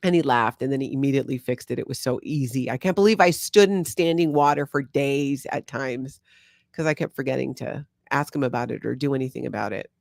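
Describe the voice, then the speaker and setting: A woman's voice: extremely low pitch, brisk, creaky, darkish tone, dry recording, clean studio sound. A woman from Hawaii with a Hawaiian accent touched by Minnesota, chatting casually with viewers on a livestream and laughing often. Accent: Hawaiian with a slight Minnesotan tinge. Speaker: host reading live chat.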